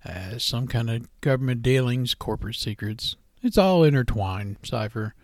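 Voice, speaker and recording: A man voicing a shadowy, well-dressed male stranger who speaks low, hushed and sly. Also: lively intonation, moderate pace, no echo, studio quality, natural voice.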